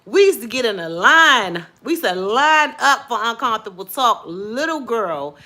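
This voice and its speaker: A middle-aged woman hosting a casual live stream, lively and preachy, praising God between her chatter. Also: a little high, normal speed. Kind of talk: casual chat with viewers and callers.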